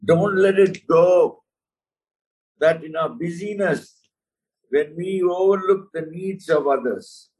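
Slow earnest preacher guy, kinda high voice, a bit off mic. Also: darkish tone, far from the mic, low-quality recording. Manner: earnest, emphatic, addresses listener as "my friend". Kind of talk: sermon.

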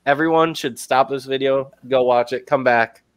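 A man's voice: medium pitch, fairly even intonation, moderate pace, clean tone, no echo. Young man, casual podcast chat, dry close sound, retells scenes with playful impressions. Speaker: podcast co-host.

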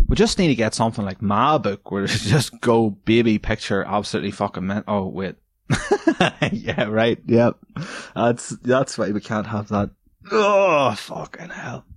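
Rambling, foul-mouthed podcaster. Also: male voice, lowish voice, no room sound. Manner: rambling, profane, laughing often. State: stoned. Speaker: podcast host. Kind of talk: casual solo podcast chat.

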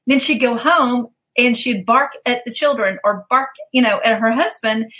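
Woman, coach, interview guest; lively storyteller who voices the people she quotes; somewhat high pitch. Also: normal speed, low-quality recording. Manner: animated, acts out quoted voices, laughs often.

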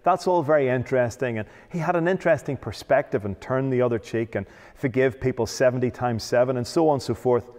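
A man's voice: medium pitch, fairly quick, few pauses, a little mellow. Man, preacher, emphatic sermon, rhetorical questions, echoing church hall. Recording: long hall reverb.

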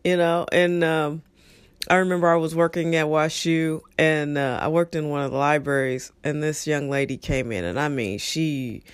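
A woman telling stories from her past in a blunt, animated, profane way, acting out what people said. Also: low-pitched, normal speed, clear, resonant tone, no echo. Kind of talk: casual storytelling monologue.

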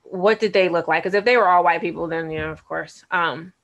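A woman chats casually as a podcast co-host. Her voice sits a little low, and her manner is blunt and candid, with laughter mixed into her talk. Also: a little fast, fairly bright tone, lo-fi sound. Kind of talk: casual chat.

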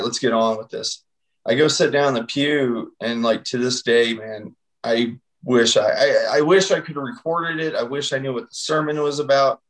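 A man's voice: mid-range voice, low-quality recording. Man telling his story, filler-heavy. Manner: rambling storytelling with many fillers like "you know" and "like". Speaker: podcast guest. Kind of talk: personal testimony in casual conversation.

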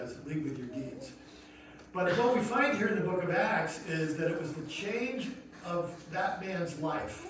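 A man, a pastor, preaching a sermon in an earnest storytelling manner that rises to emphatic questions. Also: on the high side. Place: church sanctuary. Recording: echoey hall from far off, noisy.

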